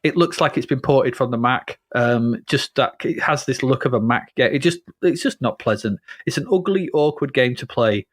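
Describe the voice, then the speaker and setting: A man hosts a casual retro game review chat. His voice is of middling pitch, and he picks games apart in a dry, dismissive way. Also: normal speed, hardly any pauses, dry recording. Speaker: podcast host.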